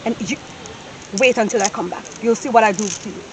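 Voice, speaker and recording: An actress with a Jamaican accent playing a bossy, scornful wife who scolds and shouts at her household. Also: a little high, brisk, close to an everyday voice. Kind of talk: comedy skit acting. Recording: loud background noise.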